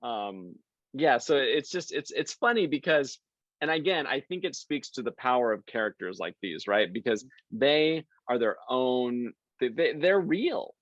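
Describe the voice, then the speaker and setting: A man's voice: mid-range voice, measured pace, no echo, dull audio. A man guesting on a podcast, chatting casually and acting out the people in his stories. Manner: lively storyteller, acts out quoted people. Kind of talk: casual interview chat.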